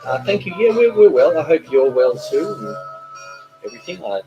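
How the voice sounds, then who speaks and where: A man's voice: on the high side, sing-song, moderate pace, muffled recording, over music. A middle-aged man hosting a casual live stream from home, reading viewer comments aloud, rambling and stumbling over repeated words. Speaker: cooking channel host.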